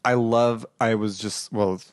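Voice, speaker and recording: A man's voice: on the low side, steady tone, measured pace, dry recording. Playful, rambling man, dry close sound. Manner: playful, rambling, frequent restarts. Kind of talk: casual chat.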